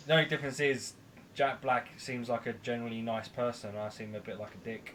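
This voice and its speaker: A man's voice: medium pitch, little pitch movement, a little fast, a bit bright, a little hiss or hum. A man hosting a live stream, bantering casually and joking with playful swearing. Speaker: live show host.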